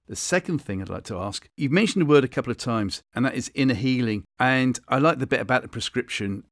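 A man in his sixties hosting an interview, asking questions with measured, rambling lead-ins. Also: mid-range voice, no room sound, clean studio sound. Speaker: podcast host, interviewer. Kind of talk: interview chat.

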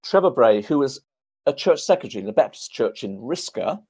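Animated man with a gravelly voice. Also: medium pitch, brisk. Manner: animated, anecdotal. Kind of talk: storytelling in a podcast interview.

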